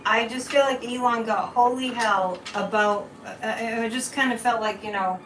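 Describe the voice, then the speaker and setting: A woman's voice: a little high, fairly even intonation, moderate pace, few pauses, a bit bright, distant mic, slight background noise. A woman psychic hosting a casual livestream card and tea leaf reading, chatting and rambling straight to her viewers. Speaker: psychic reader and channel host. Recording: roomy sound from away from the mic.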